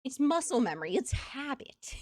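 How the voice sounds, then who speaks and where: A woman's voice: high-pitched, big pitch swings, moderate pace, darkish tone, dry recording, studio quality. A woman streamer with a Southern US accent, chatting casually with viewers and laughing often. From US Midwest and South.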